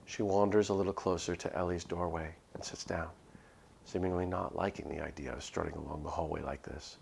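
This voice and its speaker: A man's voice: low voice, steady tone, a little fast, vocal fry, slightly rough. A man streaming himself reading a visual novel aloud, narrating in first person with a nervous, earnest delivery and small self-corrections. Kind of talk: dramatic first-person reading of a game script.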